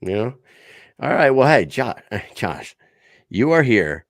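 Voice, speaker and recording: A man's voice: medium pitch, big pitch swings, slow, vocal fry, dry recording, clean studio sound. A man co-hosting a casual chat show, hyping up guests and swearing casually. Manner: hyped, swears casually when introducing guests. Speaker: podcast co-host.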